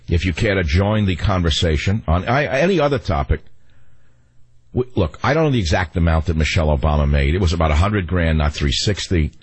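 A man's voice: sits low, darkish tone, slightly rough. A man hosting a talk radio show, delivering a combative, sarcastic monologue full of rambling asides into a studio microphone.

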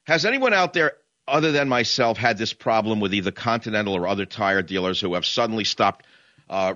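A man's voice: fairly low pitch, bright, forceful tone, dry recording, highs cut off. A man hosting a talk radio show, ranting in a combative, sarcastic monologue.

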